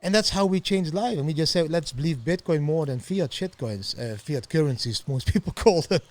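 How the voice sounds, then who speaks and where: A middle-aged man, telling his story as a podcast guest in an animated way and laughing often. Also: fairly high pitch, a little fast, no echo. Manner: animated, laughs often, acts out quoted voices. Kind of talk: storytelling interview.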